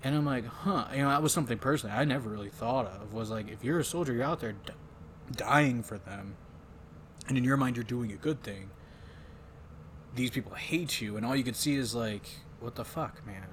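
A man's voice: medium pitch, brisk, a bit bright, slight background noise. A man hosting a casual podcast, rambling and swearing as he recaps a film and mimics its lines. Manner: rambling, swearing, quotes lines in put-on voices. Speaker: podcast host. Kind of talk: casual chat.

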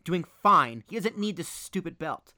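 Lively, high-voiced man arguing points. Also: moderate pace, no room sound, clean studio sound. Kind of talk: casual wrestling chat.

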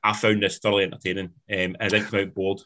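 A man's voice: lowish voice, level tone, racing, fairly bright tone. A man in a casual film review chat, giving blunt opinions in rambling sentences that often restart. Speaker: film podcast co-host.

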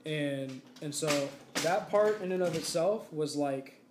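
Unhurried and slightly high-voiced, a young podcast co-host tells a wandering, filler-heavy story in casual conversation. Faint background noise and room echo color the recording.

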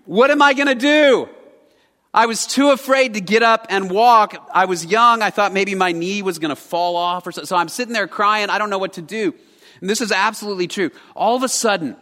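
Bright-voiced man preaching in a church. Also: sits high, normal speed. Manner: storytelling, earnest and conversational. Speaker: pastor. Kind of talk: sermon. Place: church sanctuary. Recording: church hall with long reverb.

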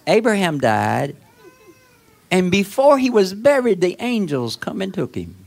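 A male preacher giving a sermon in an emphatic, repetitive way that swells to shouts. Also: high voice, big pitch swings, a little slow, creaky.

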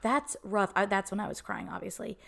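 A woman's voice: mid-range voice, fairly even intonation, a little fast, creaky, a bit bright. A young woman co-hosting a podcast, chatting casually and gushing enthusiastically about a show she loved. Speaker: podcast co-host. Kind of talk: casual chat.

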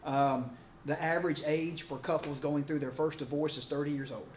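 A male preacher with a fairly high voice, talking to his congregation in a loose, rambling style full of fillers and restarts. He sounds like he is speaking in a church hall. The room adds a lot of echo, with a faint ambient hum underneath. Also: fairly even intonation, moderate pace. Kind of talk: sermon with humorous stories.

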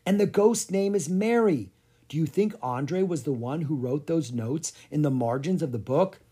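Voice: medium pitch, expressive, normal speed, dark tone, breathy edge. A storybook reader voicing a curious young girl who asks wondering questions.

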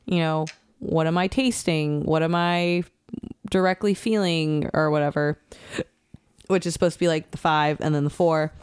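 Chatty woman with a smooth, lowish voice. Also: darkish tone, no echo, clean studio sound. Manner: chatty, frequent "um", laughs easily. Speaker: podcast host. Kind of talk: casual chat.

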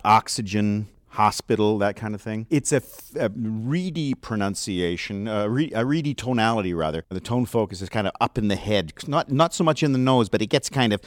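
A man's voice: fairly low pitch, brisk, few pauses, dry recording, studio quality. A man working as a dialect coach, explaining his craft in an interview with frequent fillers. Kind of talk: interview answers. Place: seminar room.

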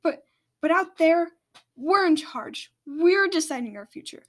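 A defiant male dragon, exiled and scheming, who argues back hard, as a woman reads him aloud. The voice sits high in pitch. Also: animated, measured pace. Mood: pleading.

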